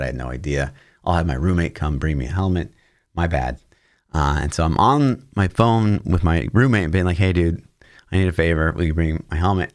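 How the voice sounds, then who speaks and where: A man in his thirties, a podcast co-host, telling a long personal story in casual chat, acting out the lines of the people in it. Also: deep voice. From Missouri, US. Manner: animated anecdote-telling, acting out quotes with shouts.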